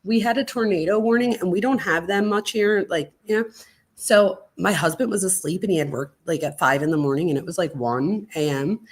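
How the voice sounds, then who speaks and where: A woman hosting a true crime livestream from home, chatting casually in an excitable way and saying "like" a lot. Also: on the low side, brisk. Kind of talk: casual live-stream chat. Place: at home during a storm.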